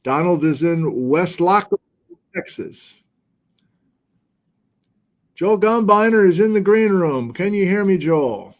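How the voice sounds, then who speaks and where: An American man hosting a geology livestream, casually reading out where viewers are watching from in a relaxed, chatty way. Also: sits high, takes it slowly, long pauses. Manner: relaxed, chatty, reads viewer locations aloud. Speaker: geology lecture host.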